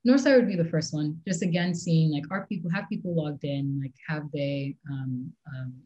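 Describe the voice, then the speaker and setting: Low mellow woman talking fast. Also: lo-fi sound. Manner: fast-talking with frequent "like" and "um" fillers. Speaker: interview candidate. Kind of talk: mock job interview answers.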